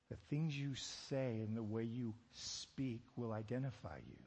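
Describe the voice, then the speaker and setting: A man's voice: medium pitch, unhurried, a little mellow, slightly rough, big-room sound. A man preaching a sermon, asking rhetorical questions and dropping joking asides. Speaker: pastor.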